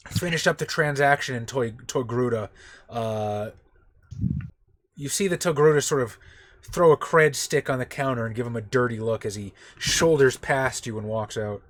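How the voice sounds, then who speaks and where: A man's voice: mid-range voice, moderate pace, fairly bright tone. A man narrating a tabletop game as game master in a casual, loose way.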